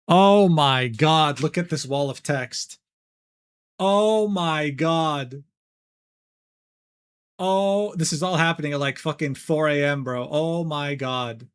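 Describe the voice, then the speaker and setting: A man's voice: fairly high pitch, clear, resonant tone, dry recording, studio quality. Incredulous slangy male streamer. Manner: incredulous, slangy, swearing, laughing in disbelief. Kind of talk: livestream reaction commentary.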